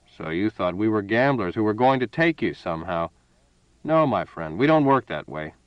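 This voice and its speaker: A man voicing a smooth, menacing male card sharp aboard a spaceship, hearty and boastful, then cold and purring, on a dull, dry recording. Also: on the low side, expressive, moderate pace, no echo, lightly acted.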